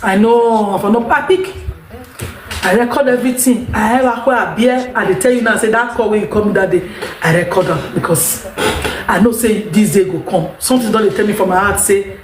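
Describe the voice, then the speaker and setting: A Nigerian woman speaks to her viewers in an unscripted monologue, pressing each point and circling back to repeat herself. Her voice sits at an ordinary middle pitch for a woman, and the room around her adds a noticeable echo. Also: moderate pace. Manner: emphatic, rambling, repeats herself. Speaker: vlogger. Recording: echoey room.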